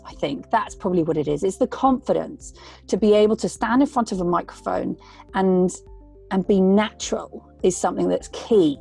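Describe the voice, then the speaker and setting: Woman voice actor, warm and mellow tone, earnest and rambling advice. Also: medium pitch, gravelly. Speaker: voice actor guest. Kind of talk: casual interview talk.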